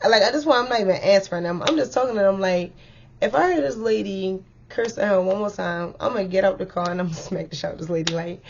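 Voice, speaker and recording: A woman's voice: medium pitch, gravelly, slight background noise. Chatty young woman telling a story. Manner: chatty and animated, filler-heavy, lively retelling. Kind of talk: casual storytime vlog. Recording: dull lo-fi recording.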